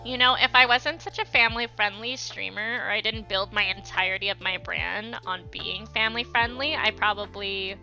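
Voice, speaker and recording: A woman's voice: mid-range voice, normal speed, gravelly, few pauses, pushed and bright. A young woman chatting casually with viewers on an art livestream while she draws, thanking them by name and using many fillers. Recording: slightly dull lo-fi stream audio, faint music.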